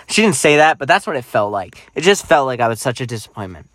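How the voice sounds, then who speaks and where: Casual male podcast co-host, lively storyteller, mid-pitched voice, dry close recording. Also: fast, hardly any pauses, no echo. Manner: animated, acts out quotes, many restarts.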